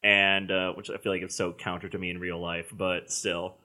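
A man's voice: low-pitched, normal speed. A man co-hosting a podcast, chatting casually and laughing often while telling stories. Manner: laughs often, animated storytelling. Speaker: podcast co-host. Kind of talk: casual chat.

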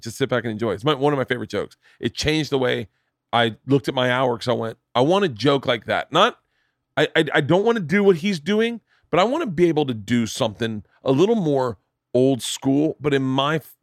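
A man hosting a podcast in casual chat, telling long jokes with lively voices and swearing freely. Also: medium pitch, dry recording, studio quality. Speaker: podcast host.

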